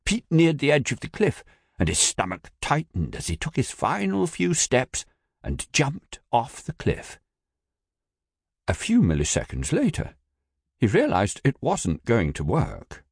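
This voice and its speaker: Low husky male narrator, audiobook, very lively pitch. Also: a little slow, no echo, clean studio sound.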